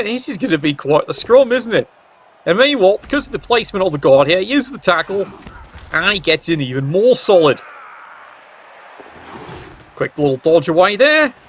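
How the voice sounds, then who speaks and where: A man's voice: high-pitched, a bit bright. A man giving play-by-play commentary on a match, with dry joking asides. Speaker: game commentator. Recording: dull lo-fi recording.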